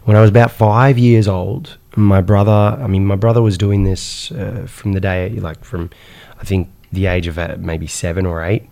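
Man from Iraq, low voice, gravelly, animated storyteller, lots of fillers. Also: moderate pace. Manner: animated, repeats "right?" and "insane", many fillers. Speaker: guest. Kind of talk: personal storytelling in conversation.

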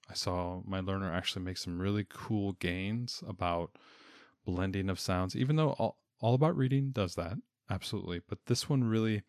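A man's voice: low-pitched, dry recording, clean studio sound. A man, a homeschooling parent, talking casually about a reading program, often restarting and repeating words. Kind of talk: casual podcast chat.

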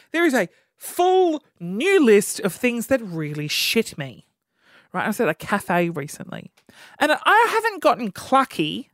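A podcast host in his thirties with a high voice delivers a comedic rant, telling exasperated, animated stories about his annoyances. The studio-quality recording has no echo.

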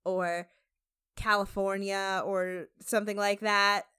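An American woman co-hosts a podcast, recapping a show in casual, chatty talk packed with fillers. Her mid-range voice is slow, clear and resonant, and her manner is animated.

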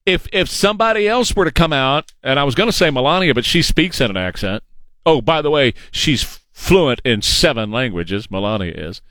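A man's voice: mid-range voice, lively intonation, moderate pace, a bit bright, no echo. A man hosting a political talk radio show, delivering an opinionated, emphatic and mocking monologue into a studio microphone.

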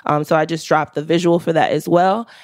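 A woman guest speaks quickly in a lowish voice, running through her releases with upbeat energy. The sound is close and dry, with no room to it. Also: steady tone, darkish tone, no room sound. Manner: quick, upbeat promo talk. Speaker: guest, singer. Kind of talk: casual podcast chat.

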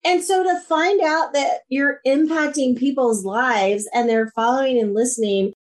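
Woman, podcast guest, lively storyteller, fairly high voice. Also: a little slow. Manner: enthusiastic, animated storyteller. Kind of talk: casual interview chat.

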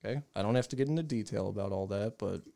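A man's voice: fairly low pitch, rapid-fire, vocal fry, mellow. Male podcast host, loose profane storyteller, casual chat. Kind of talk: casual crude podcast banter.

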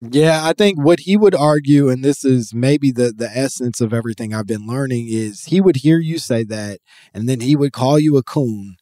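A man's voice: mid-range voice, moderate pace, warm tone, no room sound, studio quality. A man hosting a casual podcast chat, explaining at length with many fillers and restarts. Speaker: podcast host.

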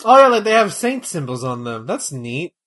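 A man chatting casually while watching old wrestling, excitable and joking, with loud exclamations. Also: on the high side, moderate pace. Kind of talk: casual chat.

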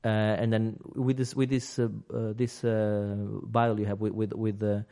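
A man's voice: fairly low pitch, level tone, unhurried, mellow. A man hosting a casual games podcast, talking at length, restarting sentences and laughing easily. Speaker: podcast host.

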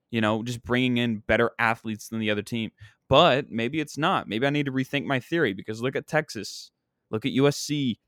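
A man's voice: medium pitch, fairly bright tone, dry recording, studio quality. A young adult man, a comedian, ranting casually and rambling with exasperation about his college sports teams. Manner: exasperated, rambling, self-deprecating.

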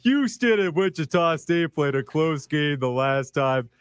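A man's voice: on the high side, animated, a little slow, clear, resonant tone, no echo, studio quality. A man doing a smug betting pundit impression. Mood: sly. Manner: exaggerated, sly, repeats himself.

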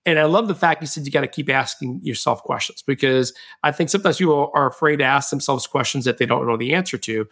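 A man's voice: medium pitch, quick pace, hardly any pauses, a bit bright. A man hosting a podcast interview, reflecting on the guest's points and steering the conversation. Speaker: podcast host.

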